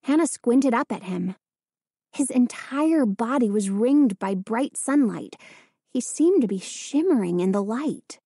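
Slow, measured female audiobook narrator. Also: fairly high pitch, expressive, mellow, breathy edge, dry recording, clean studio sound. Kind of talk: scripted narration.

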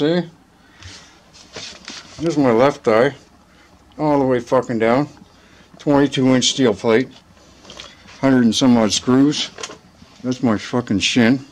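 A vlogger with a mid-range voice rants in a rambling, casual way, swearing freely and getting heated while tagging his points with "right?" He's filmed on a handheld phone, and the rough recording carries slight background noise.

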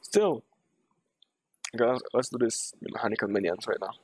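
A young man streaming a game live, talking to himself and yelling and swearing in sudden bursts at his teammates. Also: mid-range voice, animated, normal speed, dry recording. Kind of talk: live gameplay commentary.

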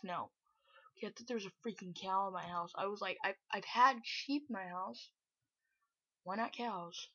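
A woman giving casual, self-mocking gameplay commentary, chatty and breaking into loud exclamations. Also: mid-range voice, moderate pace, creaky, husky, no room sound. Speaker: gameplay video host. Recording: dull lo-fi recording.

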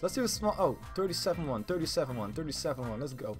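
A man giving casual, excitable commentary while betting on a game, swearing often and swinging from mumbles to yelling. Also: fairly high pitch, quick pace, hardly any pauses, soft background music. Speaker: gaming YouTuber.

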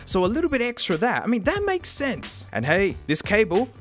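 Australian man, casual tech vlogger, slangy and jokey, slightly high voice, faint music behind. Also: wildly swooping pitch, fairly quick, a bit bright. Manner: chatty and jokey, with slang and sudden jumps in pitch. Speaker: tech reviewer. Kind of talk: casual product review vlog.

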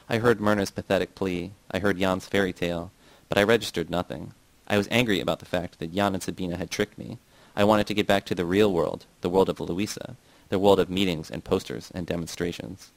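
A man with a deep, low voice reads a novel aloud. He keeps a plain, steady delivery and only shifts a little for the people he quotes. The sound is dry and close, with no room around it. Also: brisk, creaky, dry recording, rough recording. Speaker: audiobook reader.

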